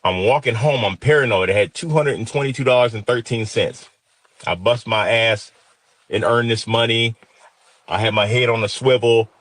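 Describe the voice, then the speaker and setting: A man's voice: mid-range voice, normal speed, fairly bright tone. A man in his fifties from Detroit telling a personal story with intense, emotional, vivid retelling. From Detroit, USA.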